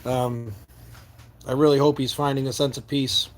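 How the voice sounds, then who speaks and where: A man's voice: mid-range voice, flat delivery, moderate pace. A man from New York State hosting a live stream from a camper van and answering viewer comments in an earnest, heartfelt way, often repeating words as he searches for them.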